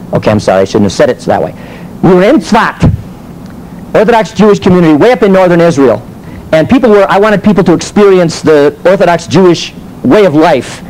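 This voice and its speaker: Minister teaching a sermon, animated and questioning, higher voice with lots of swing. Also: male voice, a little hiss or hum, poor audio. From United States. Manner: animated storytelling with rhetorical questions.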